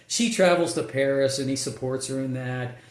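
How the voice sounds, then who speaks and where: A man's voice: medium pitch, moderate pace. A male screenwriter talking casually about his writing process, rambling with lots of fillers and restarts. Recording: echoey room.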